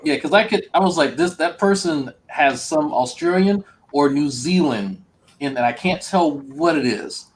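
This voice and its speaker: A man in a casual group voice chat, ribbing the others in a teasing, animated way. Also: on the high side, moderate pace, rough recording. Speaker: stream chat participant.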